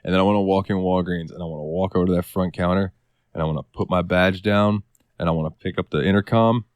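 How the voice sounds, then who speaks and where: A man with a lowish voice chats casually on a podcast, recounting a work grievance with a storyteller's swagger. He curses freely and slips into the voices of the people he's quoting. The sound is close and dry. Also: steady tone, quick pace, clean tone, no room sound. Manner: storytelling with swearing, acts out quotes. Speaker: podcast co-host. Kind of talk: casual chat.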